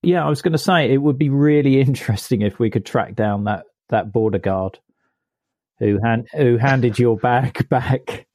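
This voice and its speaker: A man hosting an interview podcast, speaking in a halting, slow way. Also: mid-range voice, a little mellow, no echo, studio quality. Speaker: podcast host.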